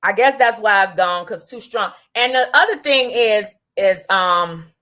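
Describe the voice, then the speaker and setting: A woman hosting a livestream rants angrily at a rival, combative and profane. Her voice is medium in pitch, expressive and sharp, and her delivery stretches out before rushing ahead.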